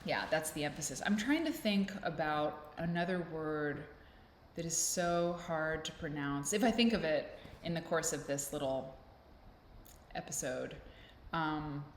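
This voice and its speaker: Speaking a little slowly in a deep voice, a female vlog host chats to camera from her home, where a fan is running. Her talk is rambling, playful, and self-deprecating. Faint noise and echo fill the room.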